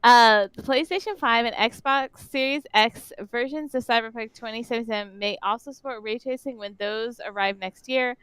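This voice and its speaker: A woman's voice: fairly high pitch, normal speed, few pauses, a bit bright, clean tone, no echo, low-quality recording. A woman co-hosting a casual podcast, reading gaming news aloud and tripping over her words. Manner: stumbles and trips over words while reading. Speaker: podcast co-host.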